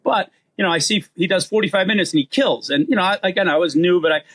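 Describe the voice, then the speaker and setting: Male guest comic, 50s, Boston accent, rapid-fire animated storyteller. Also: high-pitched. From Boston area. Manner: fast-talking, animated storyteller. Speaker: guest comedian. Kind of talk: storytelling in casual interview.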